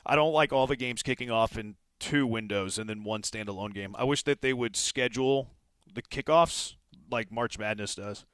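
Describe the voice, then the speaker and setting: A man's voice: medium pitch, moderate pace, fairly bright tone, clear, resonant tone, no echo. A man hosting a sports talk radio show, opinionated and rambling, with frequent restarts.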